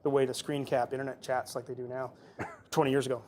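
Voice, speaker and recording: A man's voice: mid-range voice, little pitch movement, fast talker, a little mellow, a little hiss or hum. A man hosting a tabletop gaming stream, chatting casually and joking while thanking viewers. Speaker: host. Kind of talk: casual chat.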